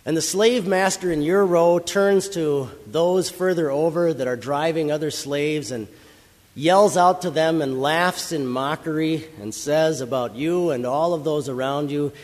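A man preaching a sermon, telling a story in an earnest, dramatic way that builds to loud emphasis. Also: fairly high pitch, a little slow. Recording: long hall reverb.

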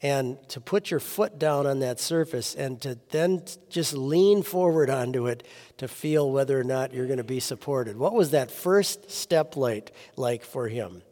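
A man reading a scripture passage and then reflecting on it, in a plain, halting sermon voice with some restarts. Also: mid-range voice, dark tone, in a large hall. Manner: reads scripture steadily, then reflects in loose, halting speech. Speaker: pastor.

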